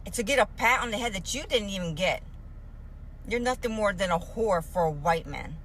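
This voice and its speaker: A woman's voice: medium pitch, expressive, normal speed, fairly bright tone, a little hiss or hum, poor audio. A woman from Puerto Rico in an angry, heated rant to the camera, cursing constantly.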